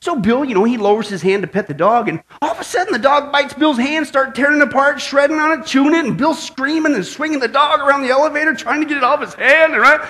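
A man's voice: extremely high pitch, quick pace, few pauses. A man preaching a sermon as pastor, opening with a long joke and checking in with "right?" and "okay?" after nearly every line. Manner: lively storytelling, frequent "right?" and "okay?" asides.

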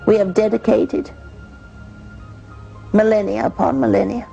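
A woman channeling a calm female spirit who claims to come from Venus, speaking slowly and soothingly. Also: mid-range voice, gravelly, lo-fi sound, faint music behind. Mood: serene. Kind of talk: channeling session.

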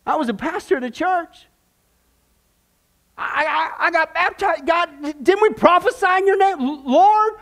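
Stammering desperate sinner at judgment, high and strained, as a preacher puts him on. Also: male voice, normal speed, a bit bright. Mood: desperate pleading. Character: panicked damned man pleading before God.

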